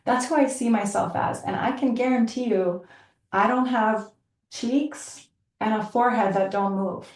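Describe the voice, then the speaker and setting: Earnest woman teacher, chatty and warm-paced, recorded a bit off-mic in an echoey room. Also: a little high, measured pace. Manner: earnest, chatty, laughs often, many likes and you-knows. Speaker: yoga teacher and podcast host. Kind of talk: reflective casual talk. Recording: roomy, from a distance.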